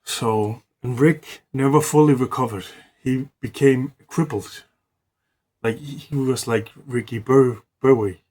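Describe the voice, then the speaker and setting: Husky man improvising a rambling story. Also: mid-range voice, unhurried, darkish tone. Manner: rambling, profanity-laced, restarts words.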